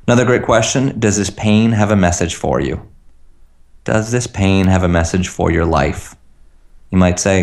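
A man with a very low voice coaches listeners on a call. He talks earnestly and acts out the sentences they could repeat. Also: moderate pace. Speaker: tapping practitioner, guest on a call. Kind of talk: teaching talk on a call.

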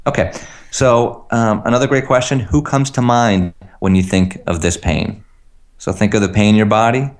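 A man's voice: on the low side, moderate pace. A man giving an earnest coaching talk on a call, acting out example phrases for listeners to repeat. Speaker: tapping practitioner, guest on a call.

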